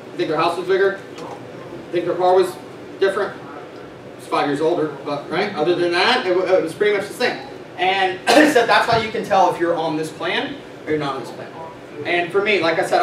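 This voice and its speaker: High-voiced man leading a sales meeting. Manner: animated, quizzes the audience. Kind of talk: motivational talk to a live audience. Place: meeting room with audience. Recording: echoey room, far from mic, noisy.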